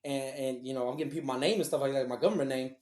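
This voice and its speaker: Profane, animated male podcast storyteller. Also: mid-range voice, rapid-fire, roomy sound. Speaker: podcast co-host. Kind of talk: casual storytelling chat.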